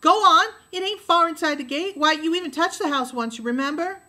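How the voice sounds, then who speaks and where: A woman's voice: high-pitched, very animated, normal speed, bright, forceful tone, voice pushed up, heavily acted. A woman voicing a feisty tomboy girl who argues back, in an audiobook reading. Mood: defiant. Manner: defiant, argumentative.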